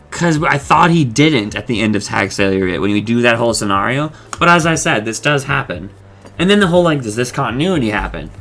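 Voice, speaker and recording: A man's voice: mid-range voice, a bit bright. A man hosting a podcast, casually recapping and discussing an episode in a rambling way, swearing freely and paraphrasing the characters' lines. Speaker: podcast host.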